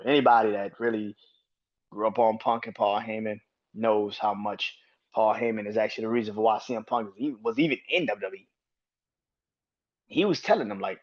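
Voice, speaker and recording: A man's voice: on the low side, steady tone, a little fast, pauses often, highs cut off. A man hosting a solo wrestling podcast, ranting with heavy swearing and exasperated rhetorical questions. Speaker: podcast host.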